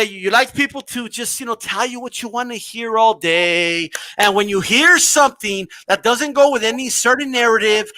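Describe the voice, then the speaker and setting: A man's voice: extremely high pitch, bright, forceful tone, no echo, low-quality recording. A man hosting a boxing podcast, ranting with lots of profanity, often raising his voice and mocking people. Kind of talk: heated uncensored podcast rant.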